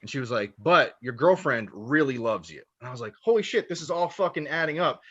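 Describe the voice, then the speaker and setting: A man doing stand-up, telling a long story in a profane, animated way and laughing at his own lines. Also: mid-range voice, fairly quick, husky, dull audio. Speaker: stand-up comedian.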